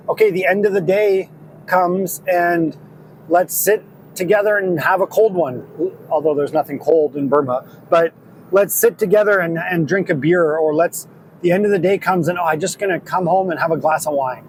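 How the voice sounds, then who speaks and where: A man's voice: a little high, poor audio. A man hosting a podcast, talking through a story in an earnest, rambling way with many restarts, recorded in his truck. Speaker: podcast host, discipleship school leader. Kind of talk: casual reflective monologue. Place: in a truck on a drive. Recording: faint vehicle noise. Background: vehicle ambience.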